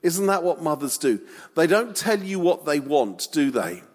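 A man preaching a sermon, telling a story with humor and lively delivery. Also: fairly high pitch, moderate pace. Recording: long reverb of a large hall.

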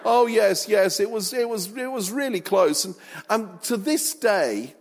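Smug bragging fisherman disciple, man doing the voice, pitched a little high, long hall echo. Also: lively intonation, a little slow, slight background noise. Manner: self-satisfied, repeats his boasts, chatty. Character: boastful male fisherman apostle, smug and showing off.

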